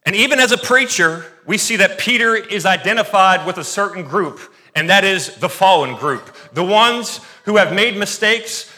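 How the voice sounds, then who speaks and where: A man preaching from the pulpit in a high, bright voice with a forceful edge. He reads scripture aloud, then wanders into quick asides, corrects himself and pushes on. His delivery is lively and conversational. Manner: animated, digressive preaching with self-corrections and asides. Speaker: pastor. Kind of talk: sermon.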